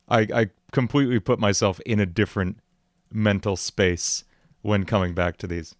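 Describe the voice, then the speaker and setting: A man's voice: on the low side, moderate pace, no echo, clean studio sound. A young man hosting a music livestream, talking in a loose, rambling way with frequent laughs. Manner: excitable, rambling, laughs often. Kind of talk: casual livestream chat. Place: home music studio.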